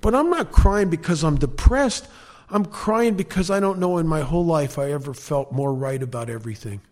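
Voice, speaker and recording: A fairly high-voiced man shares his recovery story, earnest and emphatic. He throws in wry, self-mocking humor along the way. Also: darkish tone. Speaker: speaker sharing at a recovery meeting. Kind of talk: personal storytelling talk.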